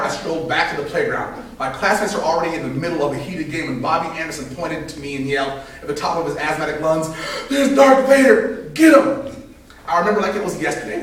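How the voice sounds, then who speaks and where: A man in his thirties tells a personal story live at an open mic, animated, acting out voices and laughing between lines. His fairly high voice comes from a distant mic in a very echoey room. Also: quick pace, hardly any pauses. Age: 30s.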